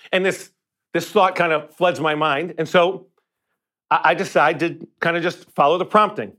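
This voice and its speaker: A man preaching a sermon as a story, his voice sitting a little high for a man. He talks to the congregation in a plain, conversational way and often repeats his words as he goes. For the tender parts he drops his voice to something hushed. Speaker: pastor. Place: church sanctuary.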